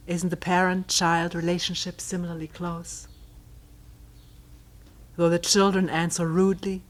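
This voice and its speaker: With a lowish voice, a woman leading a retreat as a meditation teacher reads a commentary aloud, slow and thoughtful, often nearly whispering in a breathy way. Now and then she turns wry, laughing softly.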